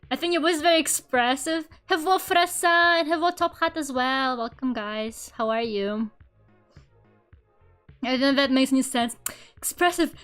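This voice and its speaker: High-voiced young woman with a Russian accent. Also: a little slow, long pauses, fairly bright tone, faint music behind. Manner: rambling, laughs often, lots of fillers. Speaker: streamer. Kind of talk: casual chat while drawing on stream.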